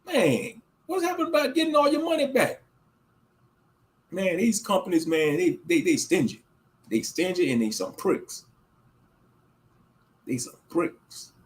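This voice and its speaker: Brief: male streamer, heated and slangy, high-pitched with a lively, swooping delivery. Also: unhurried, pauses often. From Louisiana, USA. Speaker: livestream host. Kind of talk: casual ranting commentary.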